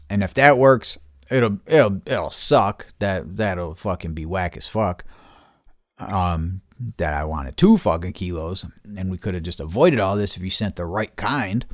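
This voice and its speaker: A man's voice: sits low, a little slow, no echo, studio quality. A man telling a story in casual podcast chat, profane, heated and rambling. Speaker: podcast host.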